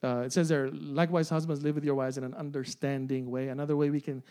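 High-voiced man preaching a sermon. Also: level tone, quick pace, dark tone. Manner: repeats phrases, asks the crowd "amen?" and "right?", laughs often. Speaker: pastor.

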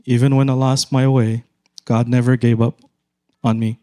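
A middle-aged man with a Filipino accent, preaching a sermon in a measured, emphatic way with repeated phrases. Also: mid-range voice, completely flat delivery, warm tone. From Philippines. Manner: slow, measured, emphatic repetition.

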